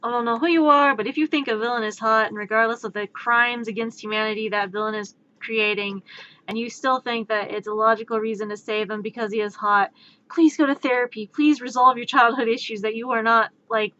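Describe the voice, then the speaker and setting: A woman streamer in casual rambling chat, ranting in an animated, exasperated way. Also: on the high side, fairly quick, dull audio.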